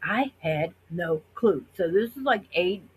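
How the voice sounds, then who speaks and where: A woman's voice: on the low side, lively intonation, measured pace, slight background noise, poor audio. A middle-aged woman from the United States talking in a chatty, rambling way to her viewers, acting out other people's reactions. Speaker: vlogger. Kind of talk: casual rambling monologue.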